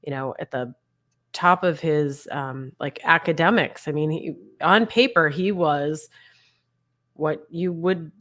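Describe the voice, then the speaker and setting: Low-voiced woman telling a candid story. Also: takes it slowly, a bit bright. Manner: frank and conversational, with light laughs. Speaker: guest, mother of a bullied son. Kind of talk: candid personal story in an interview. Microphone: video call.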